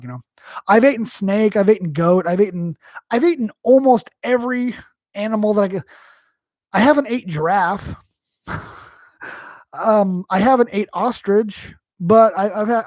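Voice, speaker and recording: A man's voice: high-pitched, a little mellow, no room sound, clean studio sound. Profane rambling man from New York. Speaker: livestream host. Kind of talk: casual chat, answering live chat.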